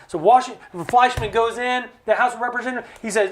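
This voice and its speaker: A man speaking as a studio guest, explaining with passion, in an animated way with jokey asides. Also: high voice, fast talker, hardly any pauses, slight background noise. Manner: animated, acts out quoted voices, jokey asides. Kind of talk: impassioned conversational explanation. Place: recording studio.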